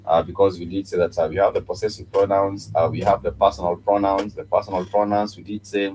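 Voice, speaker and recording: Halting deep-voiced man teaching Swahili. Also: level tone, a little mellow, low-quality recording. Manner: halting, many "uh" fillers, repeats words slowly for learners. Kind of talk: live-streamed language lesson. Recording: faint background noise.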